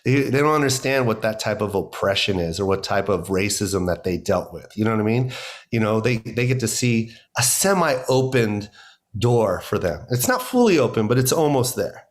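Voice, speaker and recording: A man's voice: fairly low pitch, lively intonation, normal speed. A middle-aged American man, a comedian being interviewed, talking emphatically and animatedly with many "you know"s. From United States. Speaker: guest comedian. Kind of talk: conversational interview.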